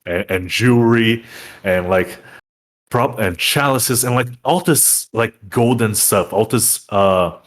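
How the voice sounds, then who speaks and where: Man, dungeon master, slow talk, lowish voice, lots of fillers, on a video call. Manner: rambling, full of fillers. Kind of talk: narrating a tabletop game.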